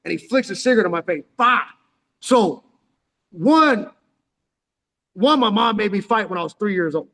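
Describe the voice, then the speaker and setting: A man in his forties from San Diego, a vlogger wearing headphones, tells a slang-heavy, profane story full of "dog." His voice sits high and sounds a bit bright and animated, at normal speed with frequent pauses, all under long echoing reverb.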